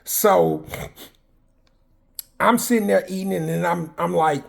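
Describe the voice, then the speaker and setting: A man in his fifties tells his own prison stories in a candid, unfiltered way, with swearing and a rambling flow. His voice sits a bit higher than most men's. He circles back often, padding his talk with "um" and restarting sentences. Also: slow pace, creaky. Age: 50s. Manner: blunt, profane, rambling with frequent fillers and restarts. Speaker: vlogger telling personal prison stories. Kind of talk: candid personal storytelling.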